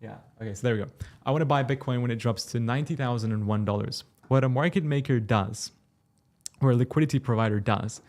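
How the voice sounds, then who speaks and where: Chatty crypto livestream host. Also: male voice, medium pitch, fast. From Turkey. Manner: relaxed, chatty, explains step by step. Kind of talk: casual livestream, reading and answering chat.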